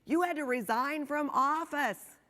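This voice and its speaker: A woman voicing a genial male saint who judges souls at heaven's gate, in jovial storytelling with drawn-out emphasis. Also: high voice, a bit bright, pitched above the performer's own voice. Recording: long hall reverb.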